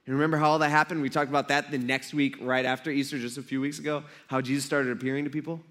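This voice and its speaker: A man preaching a conversational sermon, casual and animated, acting out Bible scenes with asides to the congregation. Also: medium pitch, rapid-fire. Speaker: pastor.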